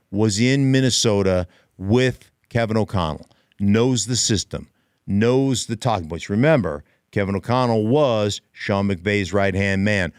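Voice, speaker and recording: Animated man hosting a sports podcast. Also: fairly low pitch, clear, resonant tone, no room sound, clean studio sound. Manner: animated storyteller, emphatic repetition. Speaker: podcast host, former player and analyst. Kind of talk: casual sports podcast chat.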